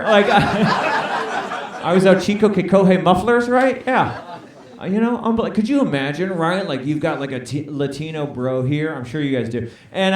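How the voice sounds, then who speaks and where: A man doing a stand-up comedy set on a club stage, playfully bantering with the audience. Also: high voice. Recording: echoey club, mic at a distance, crowd noise. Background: audience laughter.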